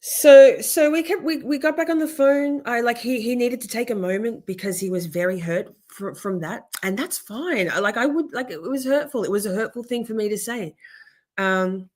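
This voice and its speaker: A young adult woman with a slightly high voice, a darkish tone, and a moderate pace is venting on a livestream about something personal. Her emotional talk rambles with self-interruptions and frequent swearing, and she stops to thank viewers in the chat.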